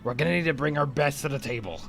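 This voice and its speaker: Man doing an irritable robot doctor, urgent, insistent, bright voice, soft music behind. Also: fairly high pitch, quick pace, gravelly. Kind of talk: fan audio drama.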